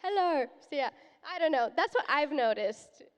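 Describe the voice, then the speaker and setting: Woman guest, high voice, rambling filler-heavy talk, echoey hall. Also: lively intonation, moderate pace, lo-fi sound. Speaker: YouTuber guest. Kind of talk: live stage Q&A. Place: large convention hall.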